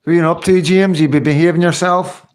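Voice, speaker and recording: A man's voice: a little high, fairly even intonation, fast talker, slight background noise. Rambling, chatty man. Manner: rambling, chatty, many fillers and tag questions. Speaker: livestream host. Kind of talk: casual livestream chat reading comments.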